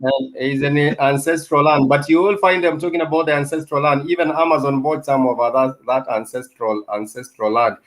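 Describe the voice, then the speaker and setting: A man co-hosting, commenting on news and cueing up clips in a measured way. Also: mid-range voice, fairly even intonation, rough recording. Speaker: co-host.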